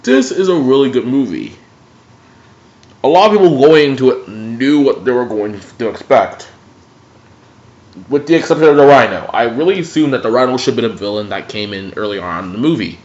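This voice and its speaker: Excitable guy ranting about movies, voice jumps all over, kinda muffled lo-fi audio. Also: mid-range voice, a little fast. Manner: animated, excitable, swears freely. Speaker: vlogger reviewing superhero movies. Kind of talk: casual spoken review. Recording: dull lo-fi recording.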